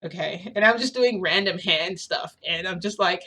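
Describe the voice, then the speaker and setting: A woman's voice: fairly low pitch, normal speed, pushed and bright. A young adult woman telling a story in a casual, rambling, filler-heavy way.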